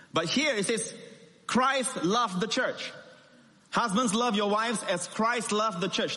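A man's voice: high-pitched, a bit bright, big-room sound. A male pastor preaching a sermon, emphatic, leaning hard on stressed words and swinging his voice up and down.

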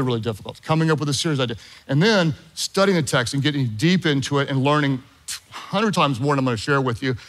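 A man's voice: on the high side, a bit bright, slight background noise. A middle-aged man preaching a sermon, telling a story with jokey asides to his congregation. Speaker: pastor.

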